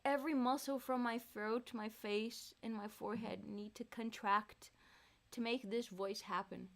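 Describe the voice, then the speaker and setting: A woman's voice: a little high, fairly even intonation, measured pace, fairly bright tone. Chatty woman streamer between songs. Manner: chatty, laughing, reads viewers' messages aloud. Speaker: singer and streamer. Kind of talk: casual live-stream chat between songs.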